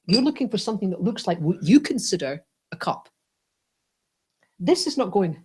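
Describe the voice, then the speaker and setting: A woman teaching a Buddhist class, playful and animated, often checking in with "right?" and "yes?". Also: mid-range voice, moderate pace, long pauses, husky.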